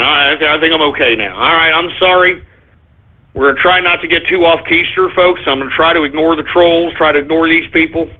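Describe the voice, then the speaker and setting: A man hosting a live internet radio show, ranting and exasperated, cursing and stammering through restarts as he addresses his listeners as folks. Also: a little high. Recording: tinny phone-like internet radio stream.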